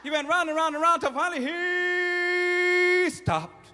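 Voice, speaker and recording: A man's voice: extremely high pitch, unhurried, in a large hall. A man telling a children's story with sound effects and questions to the kids, ending in a short sermon. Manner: animated, sound effects, audience call-outs.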